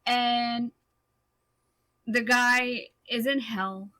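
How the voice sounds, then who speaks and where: A woman co-hosting a podcast, chatting casually with playful, quick reactions. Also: a little high, steady tone, pushed and bright. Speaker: podcast co-host. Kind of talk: casual chat.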